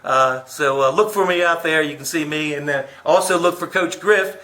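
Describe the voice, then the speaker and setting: Chatty guy telling stories, kinda high bright voice, roomy echo. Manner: rambling storyteller, halting restarts. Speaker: interviewer and comedian. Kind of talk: casual interview. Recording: echoey room.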